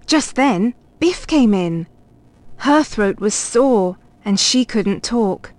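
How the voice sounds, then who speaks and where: Reader: woman, children's picture book read-aloud, unhurried, slightly high voice. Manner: clear, expressive read-aloud. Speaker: storybook reader.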